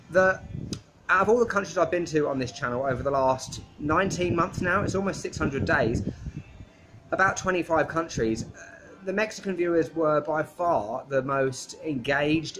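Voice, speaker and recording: Young man, from Britain, casual travel vlog, chatty, slightly high voice, outdoor rooftop. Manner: chatty, excitable, expressive. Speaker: travel vlogger. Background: wind and music.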